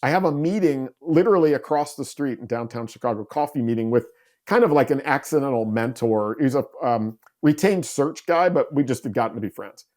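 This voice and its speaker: A man in his forties, a podcast guest, telling stories in an animated way and acting out quoted dialogue. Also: medium pitch, a little fast. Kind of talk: storytelling interview talk.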